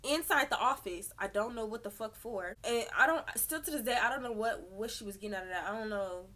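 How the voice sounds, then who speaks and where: Young woman, slightly high and bright, storytime vlogger who acts out every quote. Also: fairly quick. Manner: animated, profane, acts out quotes. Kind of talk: storytime vlog.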